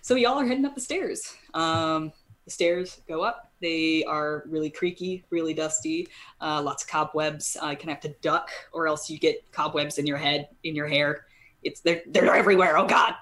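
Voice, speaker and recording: A woman with a somewhat low voice runs a tabletop horror game. She lays out rooms and details in loose, wandering sentences and corrects herself along the way. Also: normal speed, a bit bright. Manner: rambling, self-correcting scene descriptions. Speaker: game master.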